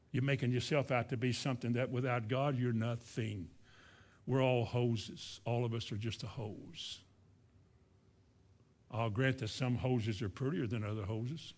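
A man preaching a sermon in a folksy way, acting out little scenes and asking his listeners questions. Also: mid-range voice. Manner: folksy, acts out boastful voices, asks the congregation questions.

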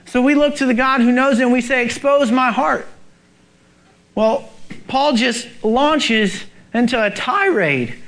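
A man's voice: extremely high pitch, lively intonation, a little slow, a bit bright. A male pastor preaching a sermon, urgent and emphatic, asking the congregation rhetorical questions.

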